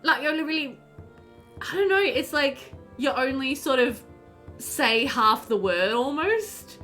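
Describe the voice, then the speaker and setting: A woman's voice: high-pitched, lively intonation, a little slow, fairly bright tone, soft background music. A woman streamer chatting casually and animatedly with viewers while playing a game, often laughing.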